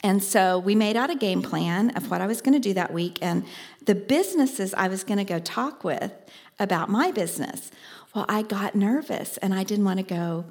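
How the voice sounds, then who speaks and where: A woman's voice: medium pitch, moderate pace. A woman, working as a business life coach, giving a motivational talk and acting out dialogue from her own stories. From Oklahoma. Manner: storytelling, acts out dialogue with lively asides.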